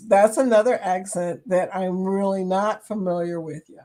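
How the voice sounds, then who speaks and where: A woman's voice: mid-range voice, steady tone, normal speed, warm tone. A middle-aged woman hosting a casual live chat, reading viewer comments aloud, chatty and silly and laughing often. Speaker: livestream host.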